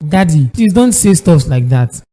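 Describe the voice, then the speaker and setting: An actor voicing a worried, grieving young son in a cartoon drama, with a Nigerian accent and a distressed, pleading way of speaking. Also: male voice, a little high, sing-song, unhurried, warm tone, in a large hall. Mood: distraught. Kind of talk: cartoon voice acting.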